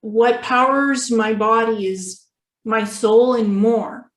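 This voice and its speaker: A woman's voice: fairly high pitch, steady tone, takes it slowly. A woman hosting an interview, talking in a chatty, personal way. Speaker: interview host. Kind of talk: conversational interview. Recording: roomy echo.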